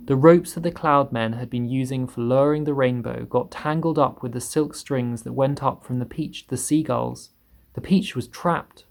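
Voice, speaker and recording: A man reading a children's book aloud in steady storytelling, voicing the characters higher. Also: gravelly. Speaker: reader.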